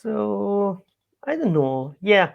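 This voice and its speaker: A man's voice: sits high, big pitch swings, very slow, vocal fry, lo-fi sound. A man who is not a native English speaker, a podcast guest talking hesitantly and modestly, searching for words. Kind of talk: casual podcast interview.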